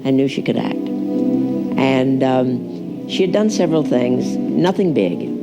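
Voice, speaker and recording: A man's voice: mid-range voice, animated, takes it slowly. A man interviewed for a documentary, chatty, telling stories with fillers and restarts. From Texas, USA. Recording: music playing under the voice.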